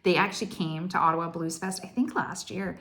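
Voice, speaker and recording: An excitable woman in her forties, chatting to her viewers in a casual craft vlog. She gushes and rambles, stacking "like" into every sentence as she tells her story. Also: on the low side, fairly quick. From Canada. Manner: excitable, gushing, heavy use of "like". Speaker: cross stitch vlogger.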